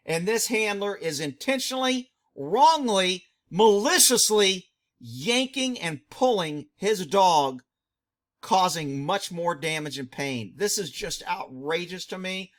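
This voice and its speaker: A man's voice: high-pitched, animated, slow pace. Indignant middle-aged man ranting. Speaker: commentary host, former police dog handler. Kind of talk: angry video commentary.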